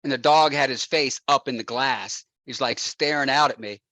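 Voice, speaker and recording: Man telling a lively story, laughing often. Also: mid-range voice, moderate pace, dry recording. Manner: laughs often, acts out quotes. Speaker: guest real estate investor. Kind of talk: animated anecdote telling.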